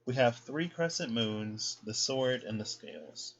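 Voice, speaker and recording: A man's voice: mid-range voice, expressive, measured pace, slightly rough. A man giving a casual, chatty tarot reading to his viewers. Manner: chatty, folksy, talks to viewers as y'all. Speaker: tarot reader.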